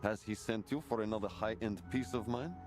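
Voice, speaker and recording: A man's voice: lowish voice, fairly quick, lightly acted. A man voicing a genteel, evasive male fashion dealer in a video game, speaking in a formal, flowery way. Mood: polished. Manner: flowery, formal, courteous phrasing. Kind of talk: video game character dialogue. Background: game music.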